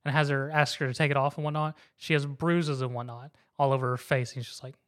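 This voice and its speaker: A man's voice: mid-range voice, flat delivery, fast talker, fairly bright tone. A man with a mid-range voice recaps an anime plot on a casual podcast. He tells it animatedly, slipping into the characters' lines as he goes. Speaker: co-host.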